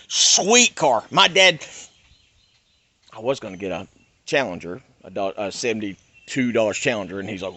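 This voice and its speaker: A middle-aged man from North Carolina, telling a personal story in an animated, emphatic rant. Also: medium pitch, no room sound. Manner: animated, emphatic, swings between loud and hushed. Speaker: YouTuber.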